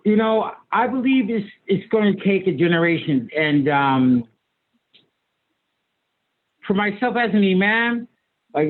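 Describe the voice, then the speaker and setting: Man in his sixties, imam, high voice, emphatic and folksy, repeats himself, tinny phone-like call audio. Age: 60s. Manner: emphatic, folksy and repetitive, with stammered restarts. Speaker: imam and author, guest. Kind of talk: conversational lecture on a video call.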